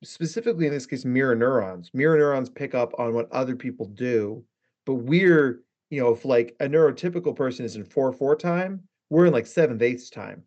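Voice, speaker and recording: A man speaking as a guest therapist in a casual podcast conversation, lively, acting out quoted lines with shifting inflection. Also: mid-range voice, a little fast. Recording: dull lo-fi sound.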